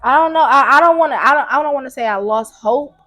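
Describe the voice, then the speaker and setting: Young woman host, slightly high voice, lively storyteller, casual podcast chat. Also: fast. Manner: animated storytelling, acting out quotes.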